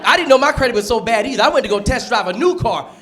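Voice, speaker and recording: A man from the United States performing a stand-up comedy set on a club stage with punchy, animated delivery. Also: very high-pitched, rapid-fire. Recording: live club set with audience laughter. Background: crowd laughter and room noise.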